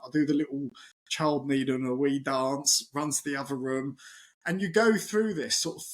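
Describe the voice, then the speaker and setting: Middle-aged male chef guest, fairly high voice, lively storyteller who acts out the dialogue. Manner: animated, acts out quotes, many restarts. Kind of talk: casual storytelling chat.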